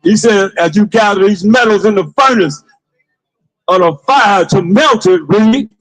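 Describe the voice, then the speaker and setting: A man street preaching to passers-by, with forceful call-and-response, repeated phrases and bursts of shouting. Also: high voice, unhurried, low-quality recording. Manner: forceful call-and-response, commands a reader to read.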